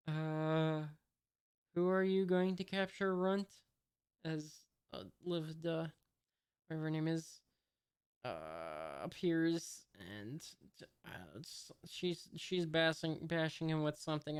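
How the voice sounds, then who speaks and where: A reader casually reading a comic aloud, hesitant with many "uh"s, even reading out the punctuation marks. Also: mid-range voice, slow pace, smooth. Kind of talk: casual read-aloud commentary.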